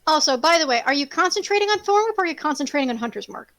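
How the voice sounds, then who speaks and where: Brief: high-pitched woman game master, animated, swears freely, dry close sound. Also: racing, no room sound. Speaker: game master narrating a tabletop game. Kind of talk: casual tabletop narration.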